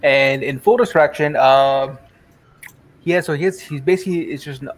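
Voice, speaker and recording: A man's voice: fairly high pitch, normal speed. A man describing his character's actions in a tabletop game, hesitant and full of fillers. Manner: hesitant, many fillers and restarts. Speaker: player.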